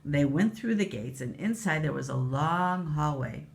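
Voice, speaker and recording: Expressive woman reading a storybook aloud. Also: low voice, unhurried, gravelly.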